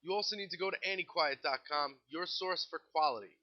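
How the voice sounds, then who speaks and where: A man's voice: fairly high pitch, fairly quick, muffled recording. A man hosting his own podcast, ranting sarcastically and swearing as he vents about a band his listeners keep mentioning. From United States. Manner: sarcastic, exasperated, swears freely. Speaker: podcast host. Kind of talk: casual solo podcast rant.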